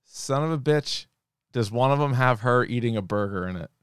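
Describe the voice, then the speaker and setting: Smooth-voiced man telling a profane story. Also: mid-range voice, lively intonation, normal speed, no echo, studio quality. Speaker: podcast co-host. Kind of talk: casual podcast chat.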